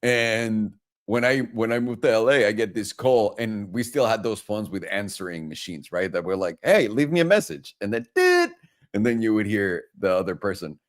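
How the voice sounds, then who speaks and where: A man's voice: on the low side, fairly even intonation, moderate pace. Joking, crude man hosting a trading talk. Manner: loose, profane, joking. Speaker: co-host, trading educator. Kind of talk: casual chat and chart walkthrough.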